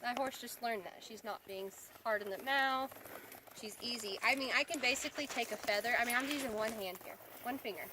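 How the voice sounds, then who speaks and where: Outdoors with a horse, a woman trainer with a fairly high voice gives chatty, fairly quick instructional commentary while riding, repeating key words for emphasis. The audio is noisy, with hoofbeats audible.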